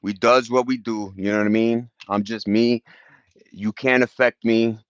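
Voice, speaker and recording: A man's voice: lowish voice, fairly even intonation, moderate pace, no echo. A man, chatting loosely on a livestream, greeting viewers and laughing as he talks. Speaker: livestream host. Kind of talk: casual livestream chat. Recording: dull lo-fi sound.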